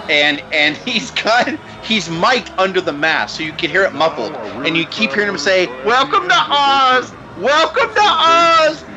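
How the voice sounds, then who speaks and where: A man hosting a podcast, telling a story in casual chat, incredulous, laughing and swearing often. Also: on the high side. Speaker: podcast host.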